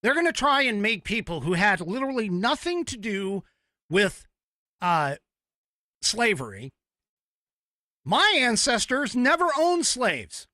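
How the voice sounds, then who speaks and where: A fired-up man delivers a podcast monologue with a forceful, bright edge and a voice that swings widely up and down. He rants and swears openly, and the sound is dry, close and free of room echo. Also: sits high, sing-song, measured pace, long pauses. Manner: angry, profane ranting. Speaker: podcast host.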